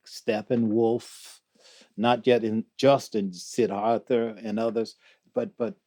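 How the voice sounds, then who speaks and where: An older man as a guest in an interview, talking slowly and reflectively, reciting poetry and laughing often. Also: on the low side, warm tone. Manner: slow, musing, quotes poetry, laughs often. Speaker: guest, theologian.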